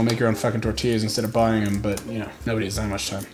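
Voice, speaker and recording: A man's voice: medium pitch, little pitch movement, rapid-fire, few pauses, darkish tone. A man in his twenties hosting a casual cooking tutorial in his home kitchen, joking, swearing and poking fun at himself as he goes. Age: 20s. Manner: joking, profane, self-mocking. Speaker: cooking vlog host.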